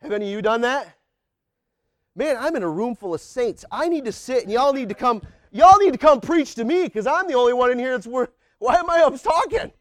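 A man preaching a sermon in church, colloquial and animated, his voice climbing toward near-shouts when he acts out prayers. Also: extremely high pitch, a little fast, no room sound, studio quality. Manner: colloquial, says y'all and man. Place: church sanctuary.

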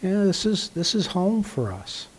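An older man, a pastor, delivering a conversational sermon with frequent throat clearing and fillers. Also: sits high, sing-song, measured pace.

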